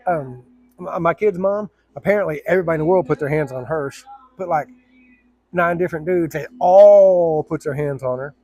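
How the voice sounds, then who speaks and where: A man's voice: on the high side, brisk, warm tone, husky. A middle-aged man, a firefighter, telling a personal story to camera in a blunt, profane, rambling way with many restarts.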